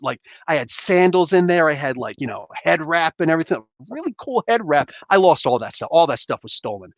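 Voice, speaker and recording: A man hosting a livestream who tells a story in a casual, animated way, full of fillers and acted-out sound effects. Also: fairly high pitch, no room sound. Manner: animated, acts out scenes with sound effects and quoted outbursts; filler-heavy, keeps asking "you know what I'm saying". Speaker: livestream host. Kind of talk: casual storytelling to a live audience.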